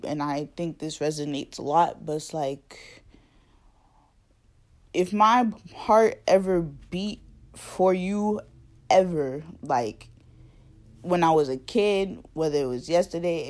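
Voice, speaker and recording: A woman's voice: sits low, a little mellow. A young woman casually telling a story to the camera, full of fillers and quoted dialogue, laughing often.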